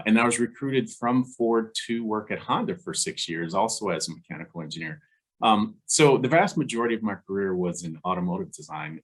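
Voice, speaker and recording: Guy with a low raspy voice telling his career story in an interview, laughs a lot. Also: a bit bright. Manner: chuckles often, acts out quoted dialogue. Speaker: interview guest, engineer. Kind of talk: conversational storytelling.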